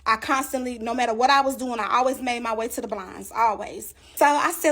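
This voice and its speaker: Woman storyteller, fairly high voice, emphatic and animated, addresses the audience directly. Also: fast talker, few pauses. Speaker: storyteller giving a testimony. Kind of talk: casual storytelling to viewers.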